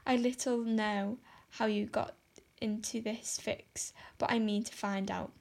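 A woman reading aloud and voicing a stern, sharp-tongued middle-aged woman who scolds briskly. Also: mid-range voice, steady tone, creaky. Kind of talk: audiobook character voice.

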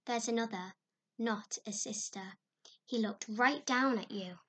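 Woman narrator voicing a lively storybook girl, the eager best friend; high, quick, giggly. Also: slight background noise. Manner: eager and excitable.

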